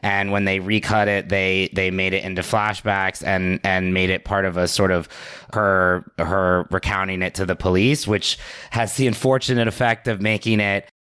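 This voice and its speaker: Man, smooth resonant voice, fairly low, measured podcast guest, dry sound. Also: little pitch movement, fairly bright tone, no echo. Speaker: podcast guest, film producer. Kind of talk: casual film discussion.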